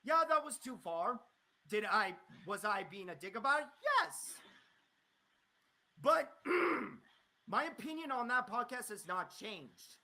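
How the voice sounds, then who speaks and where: Slowly and furiously, a male streamer goes after a critic on his live stream, swearing a lot and repeating himself. His voice is very high-pitched, pushed and bright, and it swings widely in pitch.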